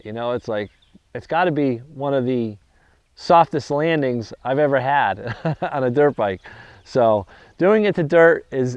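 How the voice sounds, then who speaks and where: Halting middle-aged man in an interview. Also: medium pitch, a little mellow, smooth, no echo, dull audio. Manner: halting, many restarts and fillers. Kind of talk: casual interview recounting.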